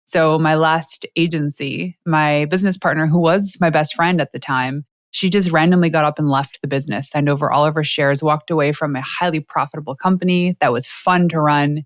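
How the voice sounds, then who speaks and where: A woman hosting a podcast interview, telling lively personal stories and laughing often. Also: low-pitched, moderate pace, dry recording, studio quality. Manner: animated storyteller, laughs often. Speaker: podcast host. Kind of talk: casual interview chat.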